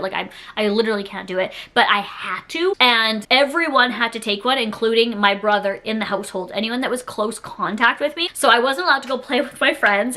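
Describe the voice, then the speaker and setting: A woman in her thirties telling a personal story to camera in a casual, rambling vlog style, full of fillers. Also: fairly high pitch. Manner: rambling, filler-heavy, animated retelling. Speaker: YouTuber.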